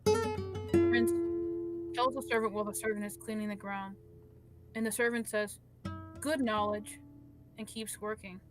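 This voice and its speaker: A woman's voice: medium pitch, little pitch movement, fairly quick. A woman making up a story on the spot in casual chat, rambling with restarts and asides. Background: guitar music.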